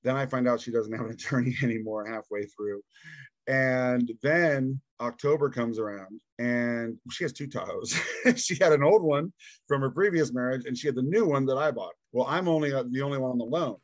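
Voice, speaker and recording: A man's voice: medium pitch, normal speed, no room sound. A man recounts his story for a podcast interview, jumping into the voices of each person he quotes. He laughs as he goes, and his voice sits in the middle register. The recording is close and dry, with no room sound. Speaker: podcast guest.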